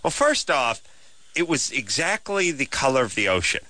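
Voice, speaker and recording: A man's voice: medium pitch, very animated, moderate pace, pushed and bright, no room sound. A man hosting a call-in show, riffing and cracking jokes in casual chat. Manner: wisecracking, riffing. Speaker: radio show host.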